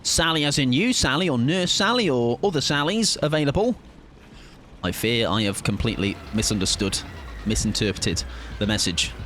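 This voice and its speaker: A young man streaming a game live, rambling and joking with his viewers, laughing often and breaking into excited outbursts. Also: mid-range voice, normal speed, slight background noise. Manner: rambling, jokey, chats to viewers while playing. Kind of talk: live gameplay commentary with chat.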